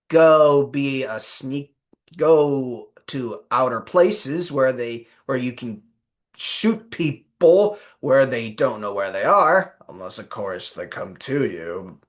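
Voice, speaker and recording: A man narrating a casual video game guide in a put-on Australian accent, playful and rambling, often correcting himself mid-sentence. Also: fairly high pitch.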